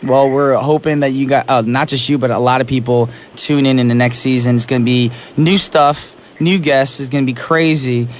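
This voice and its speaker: A slight hiss or hum sits under this studio-microphone recording of a young man hosting a radio show from the studio. Still recovering from a sore throat, he chats casually with a caller at a moderate pace with few pauses, his medium-pitched voice energetic, chatty and full of easy laughter.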